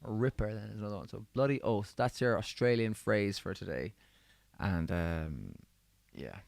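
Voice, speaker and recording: A man with a slightly low voice chats easily with livestream viewers between songs. His voice is a little worn from singing. The sound is dry and close. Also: normal speed, creaky, no echo. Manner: chatty and easygoing, reading out viewer comments. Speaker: musician hosting a livestream.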